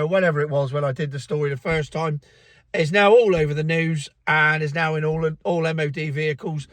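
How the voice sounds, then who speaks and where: A man's voice: on the high side, dry recording. Sarcastic man with a cold. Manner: sarcastic, mocking, self-satisfied. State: has a cold, coughing. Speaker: vlogger. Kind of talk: casual ranting vlog.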